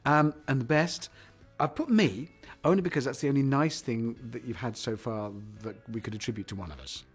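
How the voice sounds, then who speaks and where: A man's voice: medium pitch, fairly quick, slightly rough, soft background music. A man who presents a TV show, teasing his co-hosts with jokey asides in a casual press interview.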